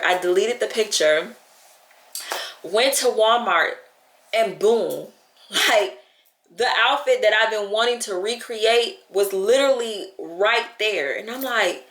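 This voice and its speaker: In an echoey room, a tearful woman vlogs to camera with a chatty, heartfelt tone, saying "like" often and quoting herself. Her voice is medium-pitched, a bit bright, and a little slow.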